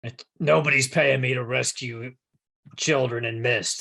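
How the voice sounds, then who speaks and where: A man at a tabletop game talks bluntly and gruffly, often speaking in character. His voice has a gravelly fry but a bright, forceful edge. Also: mid-range voice, fairly even intonation, measured pace. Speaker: player.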